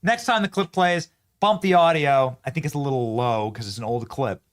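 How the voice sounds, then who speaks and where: A man hosting a political commentary show, mocking and animated, often breaking into laughter. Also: mid-range voice, moderate pace. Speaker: host.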